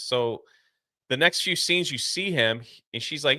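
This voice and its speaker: A man co-hosting a casual movie review, retelling the plot in an animated way and acting out the characters' lines. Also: mid-range voice, normal speed, dry recording, studio quality. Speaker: podcast co-host.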